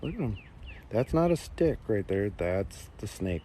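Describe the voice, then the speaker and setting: Mellow and unhurried, a man with a voice on the low side and big pitch swings hosts a casual walking livestream beside a beach lagoon. He chats and answers viewers' comments, laughing nervously, into a plugged-in mobile mic as he walks. Outdoor wind and nature noise are heard.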